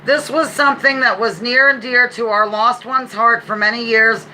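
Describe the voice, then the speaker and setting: A woman's voice: a little high, steady tone, normal speed, sharp tone, slight background noise, poor audio. A woman hosting a casual live-stream trivia game, reading out questions and answers with playful asides. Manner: chatty, playful asides, reads questions aloud. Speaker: livestream trivia host.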